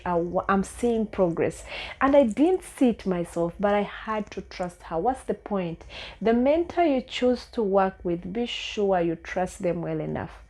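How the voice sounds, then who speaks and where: A young woman vlogger with a Ugandan English accent earnestly tells a personal story, using many fillers and repeated words. Her voice is medium in pitch and a little mellow.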